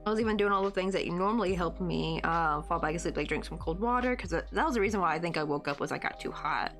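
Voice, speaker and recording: A woman's voice: lowish voice, fast, fairly bright tone, faint music behind. A woman from the States with a Southern American accent, chatting casually on a live stream while she crochets, rambling and reading out chat comments. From United States.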